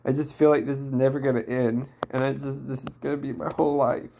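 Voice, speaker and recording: A man in his twenties venting in a downcast, distressed personal vlog, talking haltingly with many restarts. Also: mid-range voice, flat delivery, creaky, mellow. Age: 20s. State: emotionally distressed. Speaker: vlogger.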